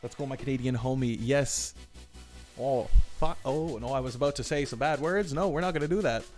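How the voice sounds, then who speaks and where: A man hosting a livestream, chatty and excitable, often repeating his phrases as he reads the chat. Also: mid-range voice, fairly quick, soft background music. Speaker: livestream host running a tournament draw. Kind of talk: live-stream commentary reading chat.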